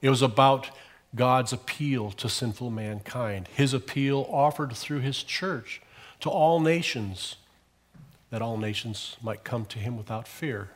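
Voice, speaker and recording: A male pastor preaching a sermon in a church, telling a story and pressing hard on key phrases before dropping low at the ends. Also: measured pace.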